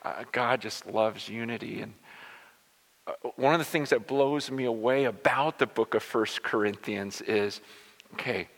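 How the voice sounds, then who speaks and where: A man preaching a sermon as pastor, animated, often repeating words and acting out the people he quotes. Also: mid-range voice, measured pace. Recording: long reverb of a large hall.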